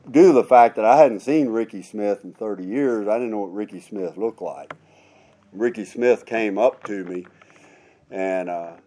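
A man's voice: low-pitched, dark tone. A middle-aged man, a former prison officer turned preacher, telling a testimony in a folksy sermon style. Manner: folksy storytelling, drawn-out emphatic asides.

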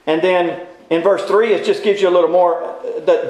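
A man's voice: high voice, fairly even intonation, moderate pace, darkish tone. A man teaching a Bible class, folksy and informal, quizzing his listeners with repeated questions. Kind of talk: interactive Bible class lecture. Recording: very echoey room.

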